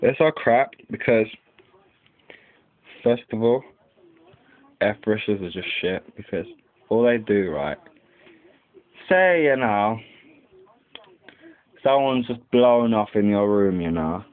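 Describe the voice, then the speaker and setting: A young man drifts through a bored, rambling monologue, dropping "like" every few words and swearing freely. His voice sits a little low and his delivery is slow and unhurried. The sound is thin and tinny, like an old webcam recording. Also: animated. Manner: rambling, heavy use of "like", lots of swearing. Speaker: vlogger. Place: indoors at home by a window.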